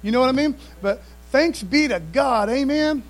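A man's voice: extremely high pitch, animated, moderate pace, poor audio. A man preaching a sermon in a conversational, emphatic way, often asking the congregation to respond. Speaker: pastor.

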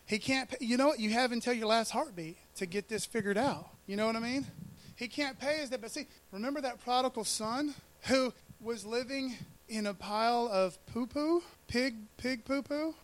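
A man's voice: very high voice, normal speed. A man preaching a sermon in a loose, joking, slangy way, breaking off into asides to the congregation. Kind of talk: casual conversational sermon.

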